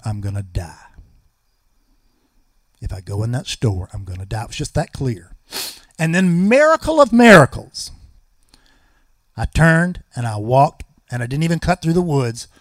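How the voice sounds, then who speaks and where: A man's voice: sits high, fairly bright tone, no echo, studio quality. A man, telling a personal recovery story at a meeting with folksy, wry humor.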